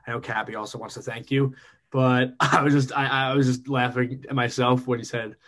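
Man, podcast co-host, quick talker, teasing, jokey banter. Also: medium pitch, steady tone, fairly bright tone. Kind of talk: casual podcast chat.

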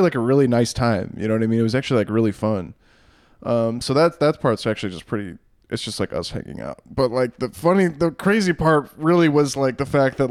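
A man's voice: medium pitch, darkish tone, smooth, dry recording, clean studio sound. A young man in casual podcast chat, telling a long rambling story with plenty of swearing. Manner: rambling, profane, laughs through his stories. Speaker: podcast co-host.

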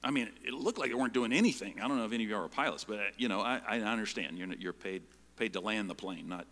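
A middle-aged man preaching a sermon, telling a personal story in a conversational way and often checking in with the listeners with a quick "right?". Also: on the low side, expressive, fairly bright tone, long reverb tail. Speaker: pastor.

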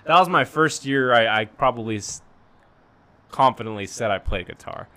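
A man's voice: medium pitch, animated, moderate pace, pushed and bright. A young man as a guest in a casual chat, rambling through stories with restarts. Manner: rambling storyteller with frequent restarts and laughs.

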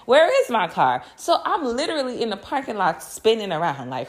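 A young adult woman hosting a podcast, telling a story in a casual, animated way, laughing often and swearing freely with slangy asides. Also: on the high side, fairly quick, few pauses. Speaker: podcast host.

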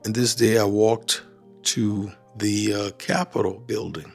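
Unhurried and animated, a middle-aged Liberian man with a Liberian accent tells the story of his life, acting out the conversations he quotes. His voice is lowish, gravelly and husky, with faint music playing in the background.

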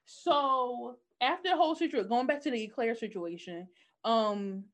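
A woman's voice: fairly high pitch, moderate pace. A woman in casual chat, animatedly retelling a TV episode and acting out the characters' lines. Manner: animated storytelling, acting out quotes in different voices. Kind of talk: casual chat recapping a TV show.

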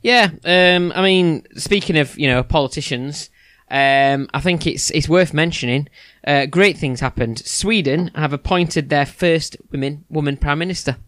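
A man's voice: fairly high pitch, measured pace, fairly bright tone, no echo. Hesitant man, dry close sound. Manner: hesitant, lots of restarts and fillers. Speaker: podcast co-host. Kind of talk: casual chat.

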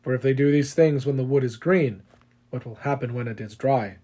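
A man reading the words of Jesus aloud in a solemn, measured scripture reading. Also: mid-range voice, mellow, lightly acted. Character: Jesus, calm grown man facing judgment.

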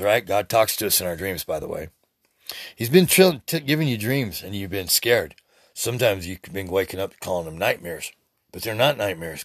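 A man's voice: fairly low pitch, fairly bright tone, husky, no room sound, studio quality. A man in his sixties preaching in a rambling, profane spiritual monologue as a podcast host. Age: 60s.

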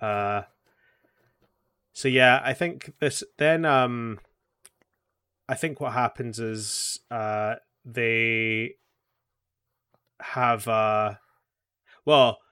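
A man's voice: medium pitch, fairly even intonation, very slow, pauses often, pushed and bright, clear, resonant tone, dry recording. Give me a laid-back man with a dry, close sound casually chatting about an anime episode. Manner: laid-back, hesitant with fillers. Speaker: podcast co-host.

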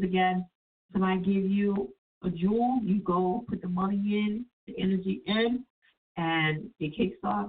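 Woman radio host, sick, casual and profane, tinny phone-like sound, far from the mic. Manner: chatty, loose and profane, with sudden high-pitched quoted voices. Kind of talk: casual call-in radio talk. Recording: distant, phone-like radio audio.

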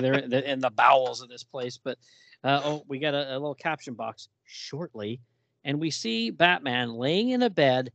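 A man with a medium-pitched voice co-hosts a laid-back podcast, going through a comic book and reading its lines aloud with lively emphasis. The recording is muffled and has no room sound.

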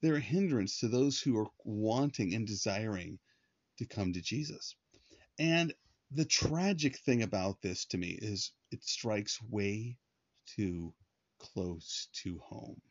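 Male podcast host, fairly low voice, relaxed Bible teaching; dull, dry, lo-fi recording. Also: slow pace, no echo. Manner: conversational, with frequent fillers and restarts.

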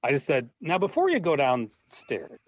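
Heard in dull, dry lo-fi audio with no echo, a low-budget filmmaker guests on an interview and tells a laughing, animated story, voicing the people in it. His voice is on the high side with a breathy edge, at a moderate pace.

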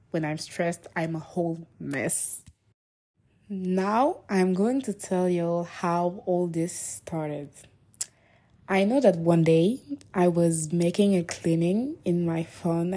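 A seventeen-year-old girl from Niger hosting her first podcast, chatty and excitable, with self-conscious asides. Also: on the low side. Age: teens. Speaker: podcast host. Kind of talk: casual solo podcast talk.

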